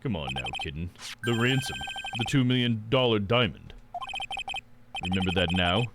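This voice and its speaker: A man voicing a cocky, teasing male prosecutor with a low condescending drawl. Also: animated, moderate pace, very noisy, close to an everyday voice. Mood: smug. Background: game music.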